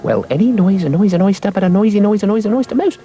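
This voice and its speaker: A man voicing a fussy, jittery male snail who hushes and repeats himself. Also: high-pitched, expressive, fast, faint music behind. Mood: secretive.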